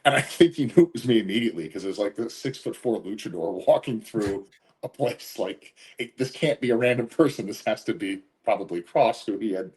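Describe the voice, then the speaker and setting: Deep-voiced man telling stories, laughing. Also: brisk. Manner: relaxed storytelling, laughs often while talking. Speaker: interview guest, professional wrestler. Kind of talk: casual sit-down interview.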